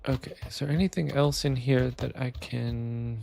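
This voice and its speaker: A man's voice: medium pitch, fairly even intonation, normal speed, gravelly, dark tone, slight background noise. A man casually commenting while playing a game for the first time, thinking aloud and reading the on-screen text. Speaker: gamer playing a cozy game. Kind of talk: casual let's-play commentary.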